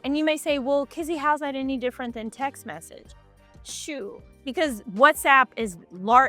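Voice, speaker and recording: A woman coaching on government contracting, talking straight to her viewers in a lively, direct way. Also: sits high. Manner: animated, direct, talks straight to the audience. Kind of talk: casual advice talk to camera. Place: Miami Beach.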